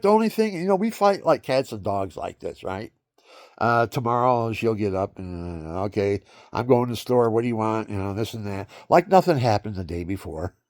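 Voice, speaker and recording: A man's voice: medium pitch, no echo, clean studio sound. A man in his seventies talking to his viewers in a rambling personal monologue, laughing often and breaking into silly sound effects. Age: 70s. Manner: animated, laughing, barking asides. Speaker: vlogger.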